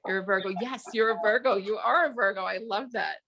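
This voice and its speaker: Woman, 40s, podcast guest, casual chat, animated, rambling, mid pitch. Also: fairly quick, gravelly. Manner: rambling, animated, many restarts.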